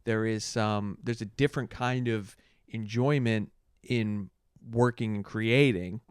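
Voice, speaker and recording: A man's voice: lowish voice, unhurried, clean tone, dry recording, clean studio sound. A young man co-hosting a comedy podcast in a laid-back, joking way. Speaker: podcast co-host. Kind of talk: casual comedic chat.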